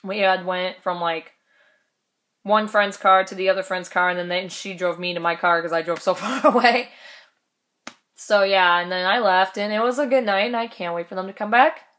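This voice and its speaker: A woman's voice: medium pitch, normal speed, a bit bright. A young woman casually telling a story in a vlog, chatty and laughing, swearing now and then. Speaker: vlogger.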